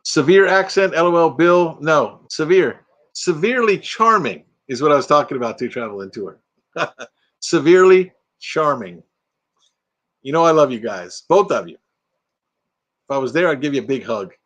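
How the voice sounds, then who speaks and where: Speaking at a normal speed with long pauses, this older man sounds animated, his pitch fairly high and his tone fairly bright, though the recording is muffled. He's running a casual livestream from home in front of a green screen, talking with viewers, reading out their comments and laughing a lot.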